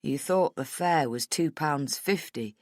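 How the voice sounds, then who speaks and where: A woman voicing a patient, easygoing young boyfriend who speaks softly, low and teasing. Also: measured pace, no room sound, clean studio sound. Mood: gentle. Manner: soft, low, teasing and calm.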